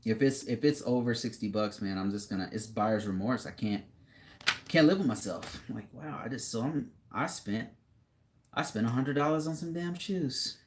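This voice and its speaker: A man's voice: mid-range voice, moderate pace, slight background noise. A young man streaming live, reading viewer comments aloud and chatting casually in a laid-back, rambling way with frequent laughs.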